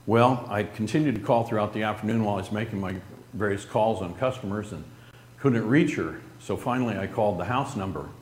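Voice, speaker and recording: A middle-aged man telling a personal story earnestly and haltingly, his voice dropping soft at grave moments. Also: fairly low pitch. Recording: roomy echo with faint noise.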